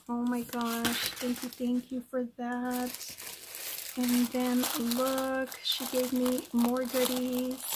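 Woman craft vlogger, slow and gushing, slightly high voice, noisy recording with paper crinkling. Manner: gushing, says "cute" and "oh my gosh" constantly. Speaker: craft vlogger unboxing happy mail. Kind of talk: casual unboxing chat to camera.

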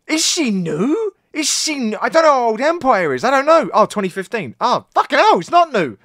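A British reaction video host giving casual, excitable commentary full of swearing and loud exclamations. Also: medium pitch, moderate pace, no echo, studio quality. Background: song playing faintly.

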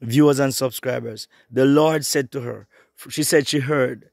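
A middle-aged man preaching an online sermon, fervent and repetitive, swinging between hushed and rising passages. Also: medium pitch, steady tone, unhurried, creaky, no room sound, clean studio sound.

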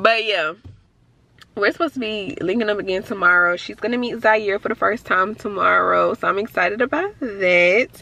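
A woman's voice: medium pitch, moderate pace, vocal fry, bright, forceful tone, slight background noise. A woman in her twenties from the Bronx, chatting casually to her viewers as a vlogger. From Bronx, New York City. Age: 20s. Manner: chatty, talks straight to viewers with lots of "y'all". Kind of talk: casual vlog narration. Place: store, then car and home at night.

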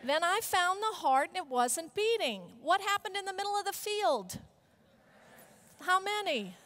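Middle-aged woman, high voice, energetic keynote speaker with audience chants. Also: normal speed. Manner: animated storyteller, leads call-and-response chants. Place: conference hall stage.

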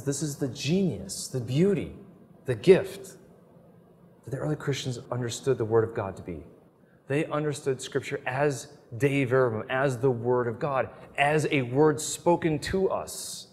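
A man's voice: mid-range voice, lively intonation, a little slow, a little mellow, in a large hall, a little hiss or hum. A middle-aged man giving an earnest, emphatic talk on prayer, telling stories as he teaches. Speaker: Catholic speaker. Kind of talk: sermon-style teaching talk.

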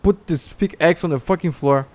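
A man's voice: fairly high pitch, moderate pace. A man with a Brazilian Portuguese accent, a gamer giving orders and mocking other players in voice chat, swearing as he goes. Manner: commanding, mocking, swears and laughs. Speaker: gamer streamer. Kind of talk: gameplay voice chat.

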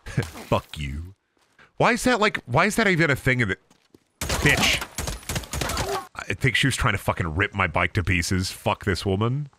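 A young man streaming a game, talking in a loose, profane, joking ramble. His voice is bright and a little tense, and his pitch swings about a lot as he jokes along. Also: sing-song, moderate pace, pauses often. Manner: profane, riffing, mocking. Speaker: streamer playing a video game. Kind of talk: casual gaming commentary.

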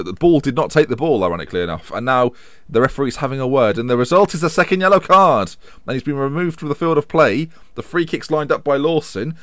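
A young Englishman casually commenting over a football management game, rambling and self-mocking. His pitch moves in lively swings, rising into mock match commentary. The sound is dry and close. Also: no room sound. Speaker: gaming YouTuber.

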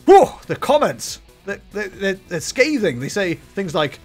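A man's voice: sits high, sing-song, measured pace, a little mellow. A man live-streaming a card game, chatting casually, joking about himself and laughing often. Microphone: desk microphone, webcam. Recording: music playing faintly behind.

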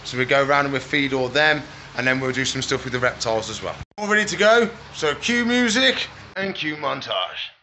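A reptile shop owner vlogs from his pet shop, chatting casually and playfully baby-talking to the animals. His medium-pitched voice is expressive, pushed and bright, and he talks fairly quickly with hardly any pauses over a little hiss or hum.

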